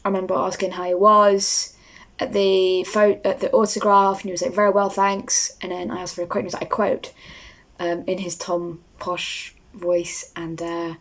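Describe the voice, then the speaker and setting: A woman's voice: on the low side, flat delivery, moderate pace, fairly bright tone. A young woman, talking casually to camera as a vlogger and rambling with lots of fillers. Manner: rambling, starstruck, many fillers.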